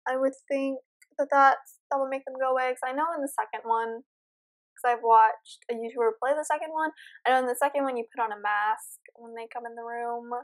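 A woman's voice: on the high side, fairly even intonation, fairly quick. A young woman nervously commenting as she plays a horror game, chatting to her viewers. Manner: nervous, jumpy, talks to viewers. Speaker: gamer.

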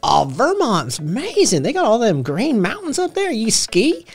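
A man's voice: very high voice, huge pitch swings, moderate pace, husky, voice pushed up, heavily acted. A man voicing a folksy rural Tennessee man with an exaggerated Southern drawl and a Tennessee accent. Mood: folksy teasing.

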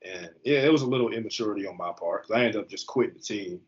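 Animated slangy man, lo-fi sound. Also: lowish voice, quick pace. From US East Coast. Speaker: guest, football player. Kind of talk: casual storytelling interview. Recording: slightly muffled lo-fi recording.

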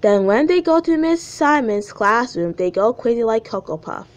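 A woman's voice: a little high, lively intonation, normal speed. A woman casually reading her own childhood story aloud, breaking off for chatty, self-mocking asides.

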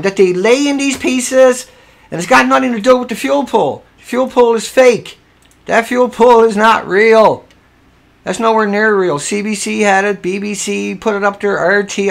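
Emphatic high-pitched gravelly man. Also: a bit bright. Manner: argumentative, emphatic, repeats himself. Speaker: livestream host. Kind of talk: casual livestream commentary.

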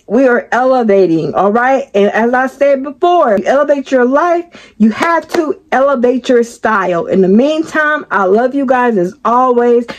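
A woman vlogger and postal worker telling a dramatic story-time tale, speaking straight to her viewers in a lively way. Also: fairly high pitch. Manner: animated, dramatic storytelling, talks to viewers directly.

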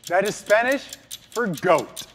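A young man hosting a trivia challenge, playful and teasing, with an energetic delivery. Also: sits high, measured pace, a little hiss or hum. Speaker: quizmaster of a challenge game.

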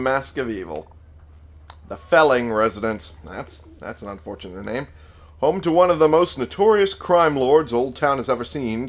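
A young man casually commentating his gameplay, swearing freely and talking back to the characters with wry humor. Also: mid-range voice. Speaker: let's play gamer.

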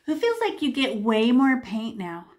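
High-voiced woman teaching a painting class. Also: wildly swooping pitch, a little slow. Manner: chatty, chants repeated words as she paints. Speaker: art teacher. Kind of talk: live painting class instruction.

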